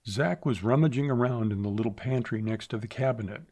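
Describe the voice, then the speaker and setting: A man's voice: mid-range voice, a little fast, hardly any pauses, a little mellow. Man narrating a western audiobook.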